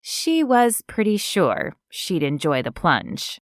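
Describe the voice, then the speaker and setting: Audiobook narrator, woman, slow and measured, dry close sound. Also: on the low side, huge pitch swings, dry recording. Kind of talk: scripted narration.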